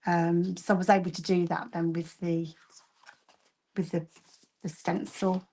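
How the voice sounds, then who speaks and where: A woman's voice: on the low side, level tone, unhurried, a little mellow. A woman with a Birmingham accent chatting casually as co-host of a craft show, rambling with fillers while she demonstrates.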